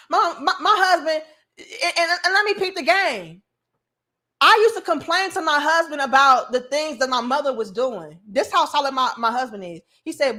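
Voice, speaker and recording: Emphatic bright-voiced woman preaching. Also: sits high, expressive, normal speed. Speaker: commentary show host. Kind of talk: casual opinion monologue.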